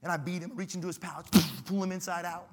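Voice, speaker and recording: A man's voice: sits high, fast talker, a little hiss or hum. A man preaching a sermon as a guest pastor, telling stories with humor and repeating phrases for emphasis. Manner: animated, humorous storytelling with emphatic repetition.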